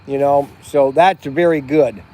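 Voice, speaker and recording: A man's voice: medium pitch, steady tone, measured pace, dark tone. A middle-aged man rambling casually in a livestream, talking outdoors by a campfire at night, with many restarts and fillers. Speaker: vlog host. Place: outdoors at a campground by a fire at night.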